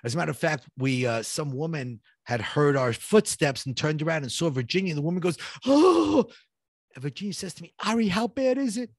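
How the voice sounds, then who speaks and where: Talking fast with few pauses, this middle-aged guest animatedly recounts his own survival story, reenacting the dialogue and ratcheting up the suspense. His pitch is fairly high, and the studio-quality recording has no echo.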